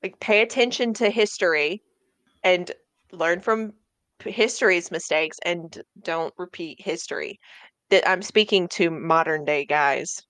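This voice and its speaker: A woman's voice: lowish voice, a little slow, a bit bright, no echo. A young woman in a casual book chat, speaking earnestly and with emphasis. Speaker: podcast co-host.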